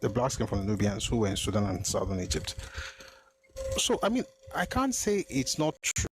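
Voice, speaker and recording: A man's voice: fairly low pitch, huge pitch swings, moderate pace, noisy background. A man hosting a live stream, thinking aloud and restarting his sentences, slipping into Yoruba phrases. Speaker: host of a live history stream. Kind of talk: casual live-stream talk.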